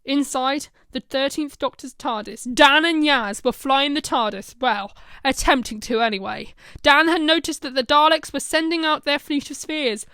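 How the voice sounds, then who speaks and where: A woman narrating a fan short story in a brisk storytelling manner. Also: high voice, pushed and bright, dry recording.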